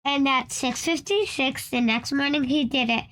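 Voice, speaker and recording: A woman's voice: high voice, normal speed, fairly bright tone. A woman reading a children's storybook aloud, often stumbling and restarting lines. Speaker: storybook reader.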